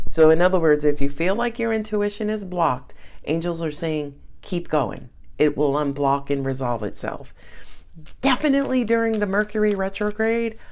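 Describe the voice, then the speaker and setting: A woman's voice: low voice, darkish tone. A woman giving a casual tarot reading, chatty and sassy, with frequent laughs. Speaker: tarot reader.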